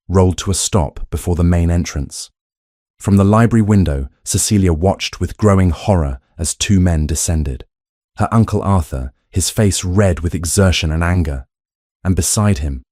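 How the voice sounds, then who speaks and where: Deep, dark-toned male narrator. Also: no echo, studio quality. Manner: even, measured storytelling. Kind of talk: scripted audiobook narration.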